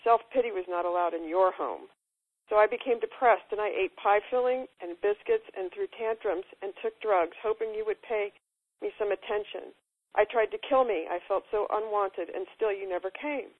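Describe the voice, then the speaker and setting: A woman's voice: mid-range voice, normal speed, close to an everyday voice. A woman reading aloud the lines of a neglected little girl, plaintive and reproachful. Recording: tinny phone line.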